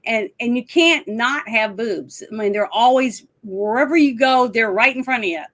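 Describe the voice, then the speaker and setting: A woman's voice: a little high, moderate pace, fairly bright tone. Giggly woman retelling a movie. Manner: laughs often, retells scenes animatedly. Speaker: podcast co-host. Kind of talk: casual chat about a film.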